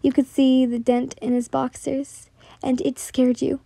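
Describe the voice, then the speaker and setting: A young woman reading a second-person fan fiction story aloud in a soft voice that often drops to a whisper, stumbling and restarting lines. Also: high voice, little pitch movement, unhurried, vocal fry, dry recording. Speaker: story narrator.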